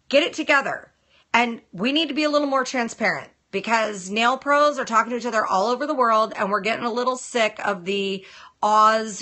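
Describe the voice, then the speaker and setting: A woman's voice: on the high side, bright, forceful tone. A woman from the United States, a nail technician hosting a casual live broadcast, blunt and exasperated, talking straight to her viewers. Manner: blunt and exasperated, addresses viewers and comments directly. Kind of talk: casual live-stream chat.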